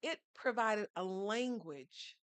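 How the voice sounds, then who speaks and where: A woman's voice: mid-range voice, slow pace, a bit bright, clear, resonant tone, dry recording. Lady guest on a podcast, earnest teacher vibe, asks the room questions, dry mic. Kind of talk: storytelling conversation.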